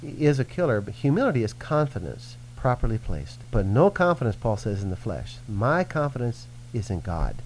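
Male minister, lively swooping delivery, earnest teaching tone. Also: mid-range voice, moderate pace, few pauses, a little hiss or hum, rough recording. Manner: earnest, animated preaching with acted-out quotes. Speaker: Christian minister. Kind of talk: teaching in a radio-style conversation.

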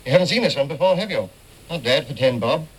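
A man's voice: medium pitch, expressive, fast talker, breathy edge, rough recording. A man playing a quirky, theatrical police inspector in a 1930s film, with a clipped, fussy delivery. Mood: brisk wry. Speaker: film actor.

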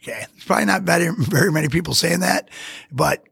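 A man who coached high school football, chatting on a podcast in an excitable, rambling way with many restarts. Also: quick pace, gravelly, husky. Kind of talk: casual podcast chat.

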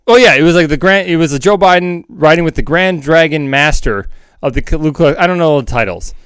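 A man's voice: fairly high pitch, brisk, a bit bright, smooth, no echo, studio quality. A man co-hosting a podcast in casual chat, joking, laughing and swearing. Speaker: podcast co-host.

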